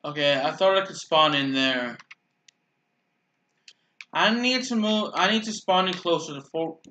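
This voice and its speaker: A man's voice: a little high, unhurried, sharp tone. A man giving casual, rambling commentary while playing a video game, often restarting his sentences and making dry sarcastic remarks about his teammates. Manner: rambling, self-correcting, dryly sarcastic. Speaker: gaming channel host.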